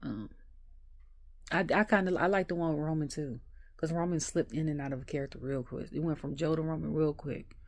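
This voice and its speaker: Female home vlogger, deep voice, lively laughing storyteller, dry room. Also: brisk, no echo. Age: adult. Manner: animated storyteller who laughs often. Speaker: wrestling review vlogger. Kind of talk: casual ranting recap.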